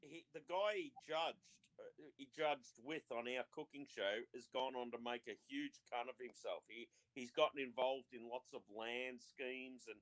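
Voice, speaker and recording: A man's voice: medium pitch, measured pace, fairly bright tone. A man, a guest on a casual podcast, talking bluntly and swearing freely. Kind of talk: casual chat.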